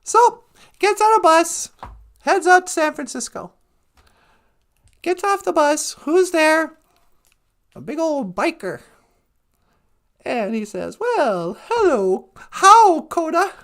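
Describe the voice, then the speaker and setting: A man's voice: extremely high pitch, animated, takes it slowly, pauses often, fairly bright tone. A man hosting a podcast, telling a long joke in a rambling, playful way. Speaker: podcast host. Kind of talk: joke storytelling.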